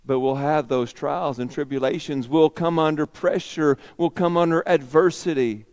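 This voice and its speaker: Male preacher, sermon, dramatic delivery, somewhat high-pitched. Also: normal speed, few pauses. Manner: dramatic, swings from loud to whispered.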